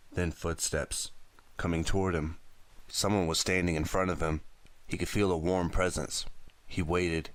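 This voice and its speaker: A man with a very deep voice narrating a thriller audiobook in a steady, dramatic way. The recording is close and dry, with no room sound. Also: dry recording. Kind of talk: audiobook reading.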